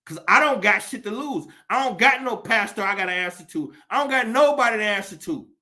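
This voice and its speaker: Male commentator, high-pitched and bright, profane and impassioned, preaching in rhetorical questions. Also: animated, brisk. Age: adult. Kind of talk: impassioned monologue.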